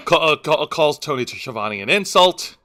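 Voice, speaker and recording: Lively woman recapping wrestling matches. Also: sits low, normal speed. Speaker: podcast co-host.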